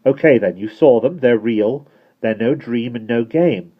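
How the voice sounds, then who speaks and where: A man's voice: mid-range voice, measured pace, slightly rough, voice pushed up. A man reading aloud and voicing an earnest, worried young boy in a storybook, talking urgently over a tinny, phone-like recording. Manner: urgent, insistent.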